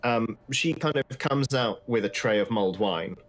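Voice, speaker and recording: A man's voice: medium pitch, expressive, moderate pace. A man narrating as dungeon master in a casual, hesitant way. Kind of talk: narrating a tabletop game.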